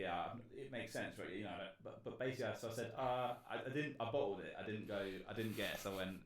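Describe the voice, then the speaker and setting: An English man tells a story at a rapid clip, in a low voice, tripping over his own words and swearing freely. The room is echoey around him. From England. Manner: rambling, swearing, many restarts. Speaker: podcast co-host. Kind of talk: casual chat over drinks.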